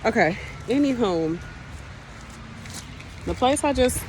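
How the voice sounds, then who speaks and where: Here a young agency nurse tells a casual vlog story, chatty and blunt, cursing freely as she vents about her shift. Her mid-range voice is expressive and moves at a normal speed over a noisy background. The setting shifts from a rainy street outside to the inside of a car.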